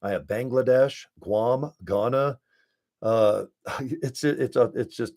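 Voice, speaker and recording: An American man giving a casual, rambling pitch to viewers from his home desk, talking through a webcam with chummy asides. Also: takes it slowly. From United States. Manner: rambling, chummy, animated asides with acted quotes. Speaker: network marketing promoter. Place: home desk setup with screens and ring light.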